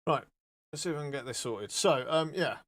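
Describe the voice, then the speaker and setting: A man hosts his own live stream, rambling cheerfully from one filter to the next. He cracks jokes and swears in a loose, offhand way. His voice sits a little on the high side for a man. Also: lively intonation, fairly quick, fairly bright tone. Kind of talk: casual live-stream chat.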